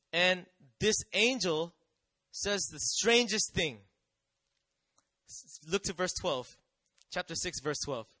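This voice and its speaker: A man preaching a sermon in a high, bright voice that carries an edge of tension. He swings from loud, emphatic declarations to hushed, conversational asides. The sound is close and dry. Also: no room sound. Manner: animated preaching, rising to emphatic declarations and dropping to quiet asides. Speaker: pastor.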